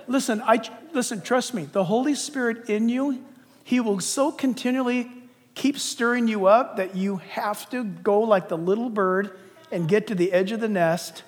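A man preaching a sermon with dynamic delivery, swinging from loud emphasis to hushed, confiding asides. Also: high voice, normal speed. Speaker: pastor. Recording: long hall reverb.

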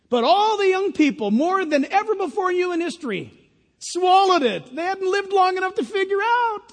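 High-voiced, lively preacher man in a hall. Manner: animated preaching with mocking put-on quotes. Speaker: pastor. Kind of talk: sermon. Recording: long reverb of a large hall.

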